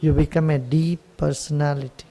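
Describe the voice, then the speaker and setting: A man giving a spiritual talk as a teacher, telling a story in a gentle, unhurried storytelling manner. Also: a little high, little pitch movement, low-quality recording.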